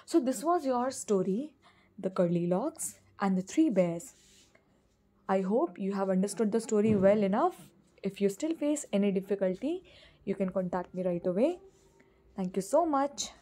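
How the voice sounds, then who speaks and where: A woman teaching as she tells a children's story, pausing to explain simple words. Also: mid-range voice, lively intonation, warm tone.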